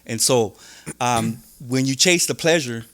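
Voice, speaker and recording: Animated man telling his story. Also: medium pitch, a little slow. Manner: animated, acts out quoted voices, many restarts. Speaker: podcast guest. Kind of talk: candid storytelling interview.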